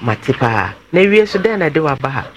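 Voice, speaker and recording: A man hosts a talk show, his voice pitched fairly high for a man. He moves from handing out advice to questioning his guest, and a steady noise sits under the recording. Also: fairly quick. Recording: noisy studio recording.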